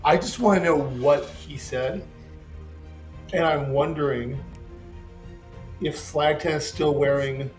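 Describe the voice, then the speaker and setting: A man's voice: a little high, takes it slowly, long pauses, faint music behind, low-quality recording. A man playing in a tabletop game who talks eagerly and repeats his words as he asks what his character can do. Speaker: player. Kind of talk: casual tabletop game play.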